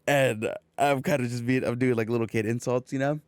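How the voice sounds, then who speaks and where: A man's voice: mid-range voice, brisk, clear, resonant tone, no room sound, studio quality. A young man from California co-hosting a podcast, telling a long story in casual chat with lots of swearing and quoted exchanges. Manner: swearing, animated storytelling with quoted back-and-forth. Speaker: podcast co-host.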